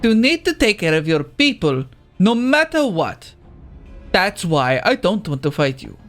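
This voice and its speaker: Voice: medium pitch, sing-song, a little slow, fairly bright tone, soft background music. A video game player voicing a tough, straight-talking woman clan leader with a drawling folksy accent that wanders as the lines go on. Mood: resolute. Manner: drawling, uses "ain't". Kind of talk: reading game dialogue aloud in character.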